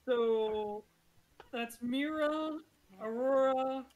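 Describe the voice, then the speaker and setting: A woman's voice: sits high, extremely slow, a little mellow, muffled recording. A woman narrating as game master, chatty and prone to laughing. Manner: giggly, chatty narration with fillers. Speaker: dungeon master.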